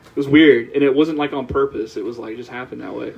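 Southern man, podcast guest, gravelly voice, lively anecdotes, slightly lo-fi. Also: mid-range voice, quick pace. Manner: animated storyteller, laughs while telling anecdotes. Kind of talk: casual storytelling chat. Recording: slightly dull, lo-fi sound.

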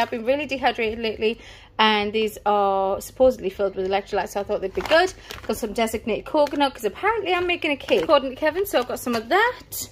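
In a casual vlog filmed indoors at the family home, a mother walks through her grocery haul one item at a time, sounding slightly breathless. Her voice is fairly high and she rambles chattily, with a bit of background noise.

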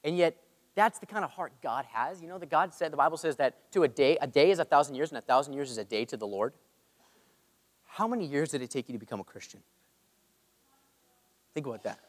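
A man's voice: fairly high pitch, a little fast, pauses often. Man preaching in a reverberant hall. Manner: earnest, calls for amens from the crowd. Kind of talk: storytelling sermon. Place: church hall. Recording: long reverb of a large hall.

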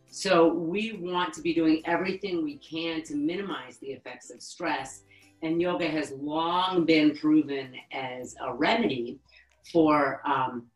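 A woman yoga therapist teaching a webinar lesson, calmly guiding breathing exercises and counting breaths. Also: low voice, roomy sound, poor audio. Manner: calm, instructive, counts breaths slowly.

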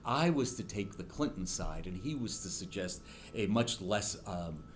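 A man's voice: sits low, expressive, measured pace, slight background noise. A middle-aged man, a political science professor, giving a university lecture and telling stories with many ums and restarts.

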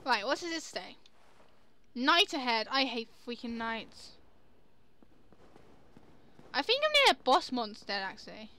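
A young woman commenting chattily on her own gameplay, quick to exclaim and laugh. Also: fairly high pitch, very animated, sharp tone. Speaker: gamer. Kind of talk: let's play commentary.

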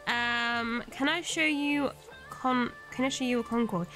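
Woman from italy streaming a game, a bit high-pitched, lots of ums, soft music behind. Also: steady tone, measured pace. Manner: hesitant, many ums and restarts. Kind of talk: casual live-stream chat while gaming.

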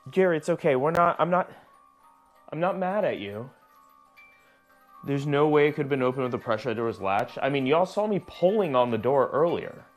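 Filming his ghost-hunting vlog alone inside an old house, a man with a fairly high, animated voice talks at a moderate pace, gently reassuring an unseen spirit and occasionally jumping with startled outbursts. Faint music plays behind him.

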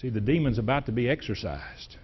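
A middle-aged male pastor preaching in a church sanctuary, his voice rising and dropping sharply for emphasis, often repeating words as he builds a point. He sits at an ordinary pitch for a man. The recording sounds dull and lo-fi. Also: lively intonation, fairly quick, slightly rough. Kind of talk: sermon.

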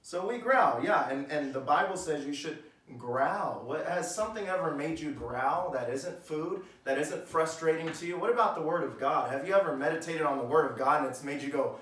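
A man's voice: on the high side, expressive, moderate pace, few pauses, a bit bright. A man preaching a sermon in a conversational way, asking his listeners questions and reading scripture aloud in church. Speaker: pastor. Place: church hall. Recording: echoey room, mic at a distance.

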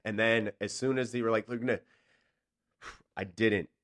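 A man's voice: lowish voice, moderate pace, no room sound. A man, an actor guest on a radio show, telling stories casually and acting out the voices of the people in them. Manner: animated, acts out quoted voices. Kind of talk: casual storytelling.

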